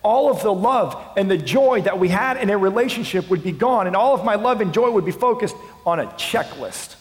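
A male pastor preaching a sermon, dropping to a hush and then rising to passionate shouting. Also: sits high, expressive, fairly quick. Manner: swings from hushed to impassioned shouting. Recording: long hall reverb.

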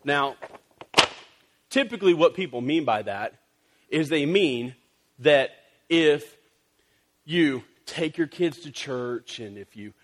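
A man preaching a sermon as a pastor to his church, telling a story in a conversational, animated way, with fillers and asides. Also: fairly high pitch, slow, long pauses. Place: church service.

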